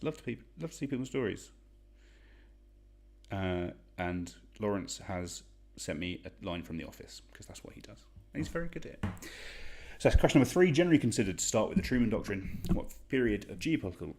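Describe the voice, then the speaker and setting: Deep-voiced young man hosting a quiz. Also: vocal fry, husky. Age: young adult. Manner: chatty, self-deprecating, reads shout-outs. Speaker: online quiz host. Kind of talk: casual quiz hosting livestream.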